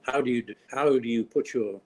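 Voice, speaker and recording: A man's voice: mid-range voice, a little fast, poor audio. An older man from Australia, a film director being interviewed, talking in a rambling way with dry, wry humor. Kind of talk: casual interview conversation.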